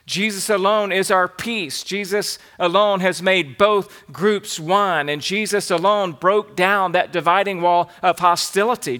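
Southern preacher guy, high bright voice, walking through his sermon outline and reading verses. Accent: Southern American. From American South. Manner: teaching from an outline, reading scripture aloud. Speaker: pastor. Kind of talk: expository sermon.

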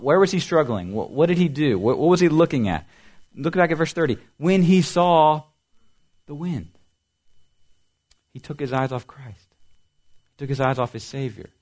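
A man preaching a sermon as pastor, building to loud emphasis and dropping to soft, quiet lines, often repeating and asking questions. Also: medium pitch. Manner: dynamic preaching, swings from loud emphasis to soft near-whispers.

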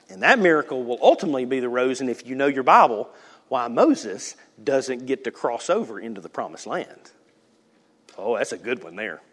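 A man preaching a sermon, swinging between loud, animated passages and hushed asides. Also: medium pitch, breathy edge. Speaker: pastor.

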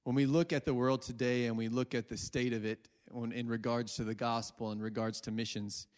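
A man's voice: mid-range voice, little pitch movement, brisk, darkish tone. A man preaching a sermon, earnestly retelling a story with quoted dialogue. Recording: long hall reverb.

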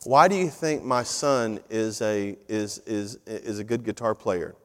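A middle-aged man, preaching a sermon in a conversational, animated storytelling way. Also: lowish voice, a little slow. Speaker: pastor. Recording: long reverb of a large hall.

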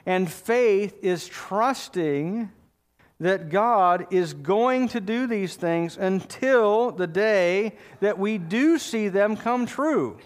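A high-pitched man delivers a sermon at an unhurried pace. He preaches with emphasis, leaning on key words and calling for amens from the congregation in a church. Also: lively intonation. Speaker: pastor.

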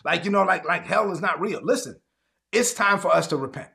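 Male pastor, high gravelly voice, preaches with animated acted-out dialogue. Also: fairly quick. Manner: animated, acts out conversations in his own voice; calls for audience responses. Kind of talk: sermon.

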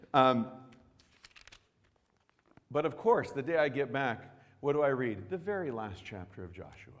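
A male pastor preaching a fervent sermon, swinging between quiet, intimate passages and loud, impassioned pleading. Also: medium pitch, big-room sound.

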